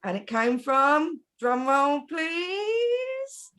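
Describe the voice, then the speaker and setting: A middle-aged woman from Britain, chatting in a group and telling family stories in an animated way, laughing often. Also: mid-range voice, normal speed. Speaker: panel host. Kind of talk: casual group chat.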